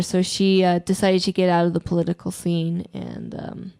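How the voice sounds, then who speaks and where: A woman's voice: mid-range voice, steady tone, moderate pace, creaky, darkish tone, smooth. A woman narrating her part as a player in a tabletop game, hesitant and full of fillers.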